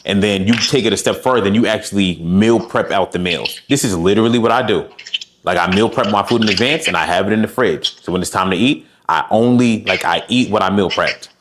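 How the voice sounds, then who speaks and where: Low-voiced man coaching on diet. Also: brisk, a bit bright, slight background noise. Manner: direct and encouraging, talks through examples. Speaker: fitness coach. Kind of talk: coaching session.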